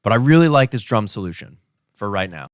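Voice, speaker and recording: A man explaining how he is composing and arranging a song during a livestream. He thinks aloud with enthusiasm and sings rhythms and melody lines out loud to show his ideas. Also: fairly low pitch, very animated, brisk, very noisy. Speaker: musician streaming his composing session. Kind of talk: casual explanatory livestream talk.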